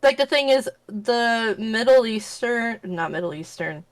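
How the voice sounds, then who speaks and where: A woman's voice: on the high side, expressive, a little slow, rough recording. A woman with a Midwestern accent, chatting casually and rambling in a self-mocking way while she plays a game. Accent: Midwestern American. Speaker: streamer playing a cleaning game. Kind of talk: casual gaming chat.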